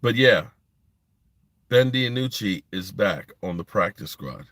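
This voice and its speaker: A low-voiced man hosts a casual sports live stream on his phone from a parked driveway. He rambles bluntly and sounds frustrated as he answers his chat. The sound is close and dry. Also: expressive, measured pace, a bit bright, dry recording. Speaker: sports podcast host.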